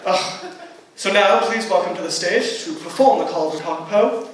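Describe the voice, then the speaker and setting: A teen emcee doing a pompous, bumbling explorer, voice pitched high and swooping all over as he blusters. He is heard from far off in a booming school hall, with noise underneath. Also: animated, unhurried. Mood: chuckling. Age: teens. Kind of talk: comedy skit on stage. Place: school auditorium stage. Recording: echoey auditorium from far off, noisy.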